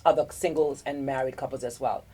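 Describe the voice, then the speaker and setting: With an extremely low, steady voice that has a breathy edge, a middle-aged woman from South Florida talks fairly quickly. She hosts a podcast and, in a casual group chat, gives warm, earnest, rambling relationship advice, often starting over.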